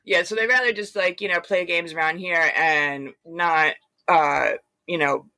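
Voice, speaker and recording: A woman's voice: lowish voice, a little slow, dry recording. A woman guest telling her story in a casual, rambling way, full of fillers and retold quotes. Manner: rambling, animated retelling with many fillers. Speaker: interview guest.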